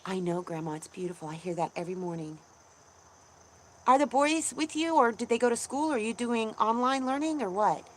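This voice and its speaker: A woman hosting a casual livestream, chatting in a rambling way with lots of ums and restarts and greeting viewers brightly. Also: mid-range voice, quick pace, hardly any pauses. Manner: bubbly, voice jumps up when greeting viewers. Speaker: homesteading channel host. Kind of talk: casual livestream chat, reading viewer comments.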